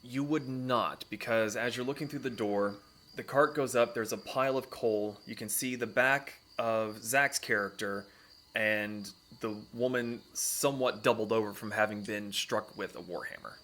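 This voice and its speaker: A man running a tabletop fantasy game, describing the scene in measured narration with small fillers. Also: on the low side, fairly bright tone. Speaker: dungeon master.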